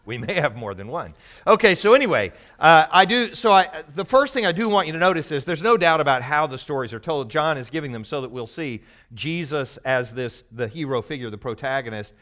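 A man's voice: a little high, expressive, fairly quick, fairly bright tone. A man giving a conversational, explanatory Bible teaching to a live group, teasing the audience now and then.

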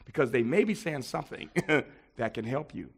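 A middle-aged pastor from Buffalo, New York, telling a personal story in a sermon and swinging between loud outbursts and hushed asides. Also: male voice, mid-range voice, animated, moderate pace, slightly rough.

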